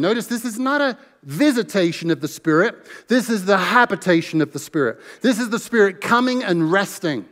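A man's voice: sits high, lively intonation, fairly quick, hardly any pauses, fairly bright tone, big-room sound. An American man, a pastor, preaching an earnest sermon and reading scripture aloud with emphasis. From United States. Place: church sanctuary.

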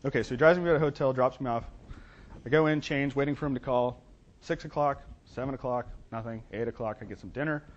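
A man who works as a business plan consultant, telling an animated, wry story to an audience of entrepreneurs. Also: mid-range voice, fast talker. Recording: dull lo-fi recording.

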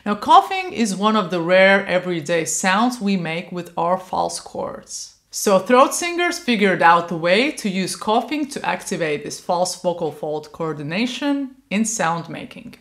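A woman's voice: lowish voice, very animated, unhurried, hardly any pauses, a bit bright, echoey room. A woman vocal coach giving a patient instructional lesson on growling, demonstrating light sounds as she explains.

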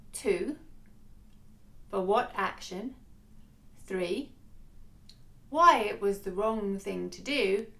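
A woman giving a scripted educational narration, speaking clearly, instructively and a little wryly. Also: mid-range voice, fairly bright tone.

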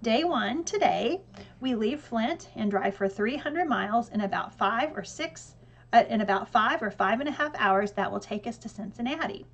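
A woman doing a brisk, organized mom reading out plans. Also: a little high, lively intonation. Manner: methodical, brisk list-reading. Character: organized, businesslike mother laying out plans.

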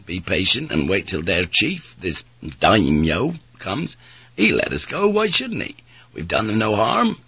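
A man voicing a steady ship's pilot who speaks in a kind, level, measured way. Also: on the low side, slightly rough, no echo, exaggerated voice.

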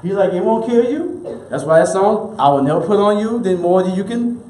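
A man preaches with a high, bright voice, driving points home through repetition and call-and-response. His words ring out in a roomy space with a clear echo. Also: fairly quick. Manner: emphatic preaching, repeats key lines, leads congregation call-and-response. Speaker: minister. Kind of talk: sermon. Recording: roomy echoey room.

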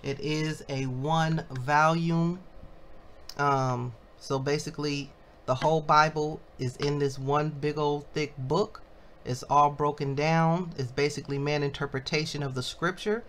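A woman leading a Bible study, reading commentary aloud slowly and breaking into excited exclamations, calling her listeners family. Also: sits low, slight background noise. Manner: slow and deliberate, bursts into excited exclamations; addresses listeners as family, asks them questions.

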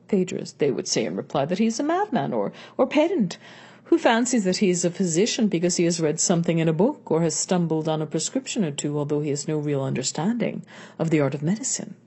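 A woman's voice: sits low, big pitch swings, quick pace, mellow, slightly rough, exaggerated voice. A woman reading the replies of an eager young male student in a brief, earnest way.

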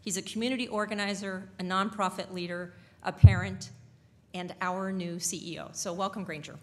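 Bright woman addressing a dinner crowd. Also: medium pitch, steady tone. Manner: warm, halting, with many fillers. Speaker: board member introducing the event. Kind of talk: speaking to a dinner audience. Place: banquet hall.

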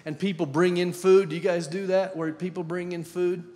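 His voice sits high yet has a dark tone, with little pitch movement and a normal speed. He's a guest preacher in a church sanctuary, talking with the congregation and asking them questions amid long reverb.

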